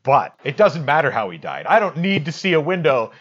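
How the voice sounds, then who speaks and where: A man co-hosting a casual comedic movie review chat, arguing in a deadpan, mock-serious way. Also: on the high side, fairly quick, lo-fi sound. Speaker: podcast co-host.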